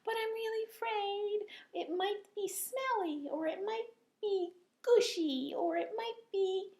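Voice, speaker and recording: A woman voicing a timid puppet creature who is afraid to try new food, in a squeaky, high voice. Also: big pitch swings, slow pace, darkish tone, roomy sound. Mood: fearful. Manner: nervous, then gleeful.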